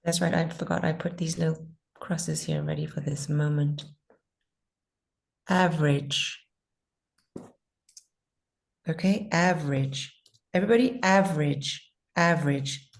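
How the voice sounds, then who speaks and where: A woman teaching pronunciation in an online class, patiently modeling words slowly and repeating them. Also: low-pitched, fairly even intonation, vocal fry.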